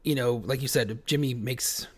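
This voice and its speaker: A man's voice: mid-range voice, steady tone, normal speed. A man co-hosting a casual sports chat who rambles and repeats his words. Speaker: podcast co-host.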